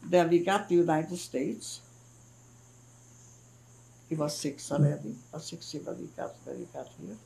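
An older woman from Hungary giving her testimony in a recorded oral history interview, speaking haltingly, with frequent restarts and soft murmured agreement. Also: low-pitched, vocal fry, rough recording. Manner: acts out family dialogue when retelling it. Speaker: Holocaust survivor giving testimony.

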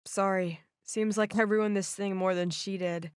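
A woman voicing a charming, protective teenage boy in an animated story, speaking calmly and teasingly. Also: mid-range voice, measured pace, clear, resonant tone, dry recording, clean studio sound, natural voice.

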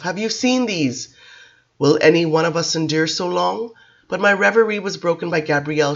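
A woman narrating a novel as an audiobook, in a measured, expressive reading. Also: sits low, lo-fi sound. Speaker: audiobook reader.

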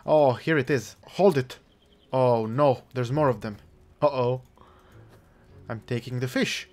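A man's voice: medium pitch, measured pace, a little mellow, soft background music. A man casually commentating on his own gameplay, joking around, chuckling and throwing in mock-outraged swearing. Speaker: gaming channel host. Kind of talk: let's play commentary.

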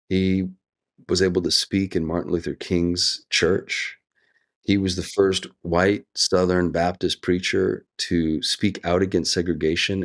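A middle-aged man with a deep, low voice talks as an interview guest. He speaks earnestly and reflectively, slipping into lively quoted asides now and then.

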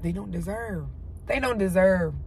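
A woman's voice: mid-range voice, a little slow, a little hiss or hum. Tearful, heartfelt woman in her car. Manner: heartfelt, swings from loud exclaiming to soft near-whispers. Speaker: vlogger. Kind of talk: emotional faith vlog, talking to camera. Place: parked car.

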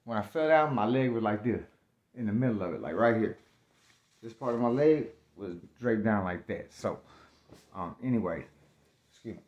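A man telling a story about himself in slangy, animated speech that jumps into loud acted-out outbursts. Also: fairly low pitch, moderate pace, long pauses, lo-fi sound. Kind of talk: casual spoken storytelling.

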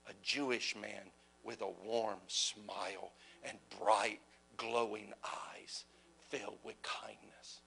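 A man preaching a passionate sermon, asking rhetorical questions and swinging between loud exclamations and hushed whispers. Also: medium pitch, creaky, husky, low-quality recording. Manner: asks the audience rhetorical questions.

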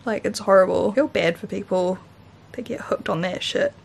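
A woman's voice: medium pitch, normal speed, gravelly, husky. A young woman with a New Zealand accent, chatting casually to camera as a vlogger and telling stories, full of "like" fillers, with a dry throat from hay fever. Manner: chatty storytelling, many "like" fillers.

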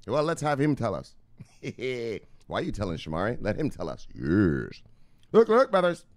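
A man's voice: lowish voice, very animated, a little slow, darkish tone, no room sound, studio quality. Rambling, profane male crypto vlogger. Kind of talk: casual chat to viewers.

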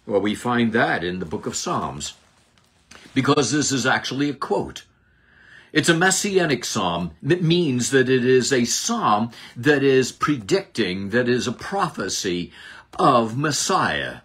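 A man teaching a Bible lesson as a sermon, slow and deliberate, dropping low and rising high for emphasis. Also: sing-song, fairly bright tone, slightly rough. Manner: slow, deliberate preaching with dramatic drops and rises.

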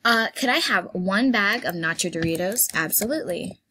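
A woman giving playful, rambling commentary while playing a game, her voice hoarse and she keeps clearing her throat. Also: medium pitch, expressive, moderate pace, bright, forceful tone, slight background noise. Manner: chatty, playful, rambling with fillers. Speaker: gameplay vlogger. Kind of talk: casual gameplay commentary.

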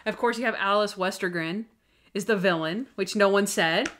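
A young woman co-hosting a podcast, chatting casually and excitedly about TV episodes, full of "like" and acting out bits of dialogue. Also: mid-range voice, moderate pace, a little hiss or hum. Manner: chatty, full of "like", acts out characters' lines. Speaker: podcast co-host. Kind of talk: casual chat recapping TV episodes.

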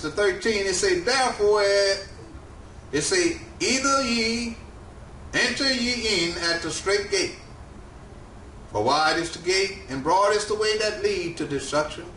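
A high-pitched man with a preaches slowly and deliberately, his bright voice lifting and dropping for emphasis. He sounds set back from the mic in a roomy, echoing space with faint ambience behind. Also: slight background noise. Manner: slow, emphatic preaching with rising and falling cadence. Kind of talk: sermon. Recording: echoey room, mic at a distance, faint ambience.

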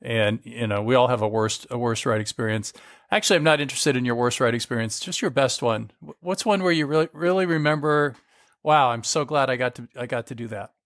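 A man's voice: medium pitch, fairly quick, fairly bright tone, no echo. Chatty male podcast host, dry sound. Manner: chatty, laughs often and asks questions. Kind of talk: casual interview.

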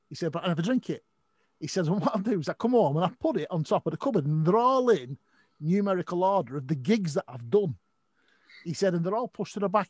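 A man's voice: high-pitched, a little mellow, no room sound, clean studio sound. A man hosting a podcast in casual chat, retelling a story and quoting others. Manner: conversational, retelling a story with quoted speech. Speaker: podcast host.

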